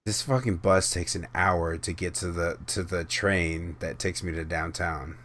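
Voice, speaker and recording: Deep-voiced man telling a rambling story. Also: fairly even intonation, a little slow, a bit bright, a little hiss or hum. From Houston area, USA. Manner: rambling, profane anecdote telling. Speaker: podcast panelist. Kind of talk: casual storytelling chat.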